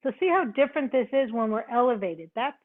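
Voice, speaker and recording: A woman's voice: fairly high pitch, expressive, a little fast. A woman yoga instructor cueing a live online class, counting reps, giving short cues and chatting with students. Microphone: video call. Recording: tinny video-call audio.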